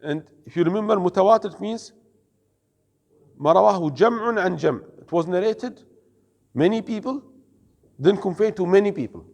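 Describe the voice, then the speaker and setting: Lecturing man with a gravelly voice. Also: sits high, expressive, darkish tone, in a large hall. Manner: explains slowly, asks the class questions, mixes in Arabic words. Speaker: Islamic studies teacher. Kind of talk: classroom lecture.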